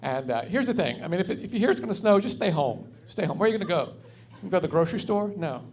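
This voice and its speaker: Racing through his set, a Southern comedian from North Carolina spins folksy, wry yarns into a club stage mic. His voice sits high and is expressive, husky and a little mellow.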